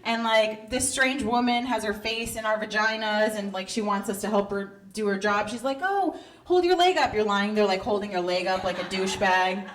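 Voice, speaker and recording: A brash, profane woman in her thirties does a self-mocking stand-up set on a comedy club stage, laughing through her lines. Her medium-pitched, fairly bright voice holds a moderate pace with little pitch movement and hardly any pauses. The live club recording is noisy.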